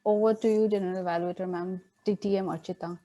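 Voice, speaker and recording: A woman serving as the meeting timer, reading out speech times in a brisk, formal way. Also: mid-range voice, steady tone, noisy background. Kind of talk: reading a timing report.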